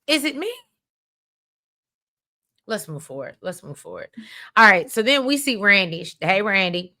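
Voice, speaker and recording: A woman's voice: mid-range voice, sing-song, moderate pace, pushed and bright. A woman hosting a soap opera recap channel, talking casually to her viewers and calling them y'all. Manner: chatty, addresses viewers as y'all, drops into quoted voices.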